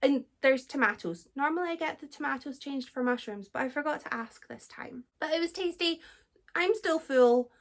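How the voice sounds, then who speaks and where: A young Scottish woman chatting casually in a book vlog, self-deprecating and quick to laugh. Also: sits high. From Scotland. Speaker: book vlogger.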